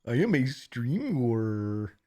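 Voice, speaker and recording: A man's voice: mid-range voice, sing-song, extremely slow, dark tone. A man putting on a mock impression of a streamer, speaking in a stiff, unnaturally formal announcer voice. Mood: pompous announcer. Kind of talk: joking impression on a live stream.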